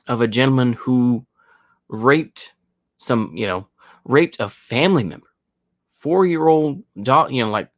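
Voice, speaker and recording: Male podcast host, mid-pitched, rambling and sarcastic, casual solo rant, dry recording. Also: no room sound. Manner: rambling, many fillers and restarts; sarcastic mocking asides. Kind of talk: casual opinion monologue.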